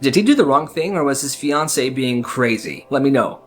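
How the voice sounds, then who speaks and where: A man's voice: mid-range voice, lively intonation, moderate pace, faint music behind. A young man narrating a storytime video in a conversational way and asking viewers for their opinion. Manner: conversational, asks the audience.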